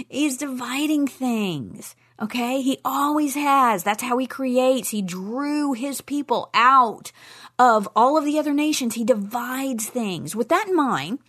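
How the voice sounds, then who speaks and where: Animated woman teaching the Bible. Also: high voice, measured pace, slightly rough. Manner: animated, emphatic, with playful asides. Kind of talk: teaching talk on Scripture.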